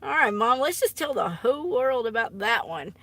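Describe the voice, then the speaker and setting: A woman's voice: a little high, very animated, normal speed, a bit bright, no echo. A woman chatting casually on a live stream, giggly and teasing, often dropping into embarrassed whispers. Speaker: artist live-streaming to viewers. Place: home art studio.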